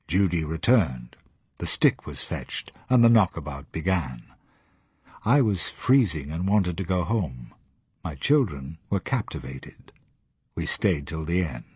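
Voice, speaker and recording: A man calmly reading a reflective first-person audiobook narration in a measured way. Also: low-pitched, husky, no room sound.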